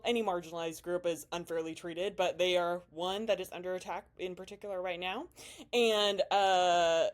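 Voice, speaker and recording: Casting: young adult woman, chatty and giggly vlogger, mid-range voice, desk-mic feel. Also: medium pitch. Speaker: bodybuilding vlogger. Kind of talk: casual talking-head commentary.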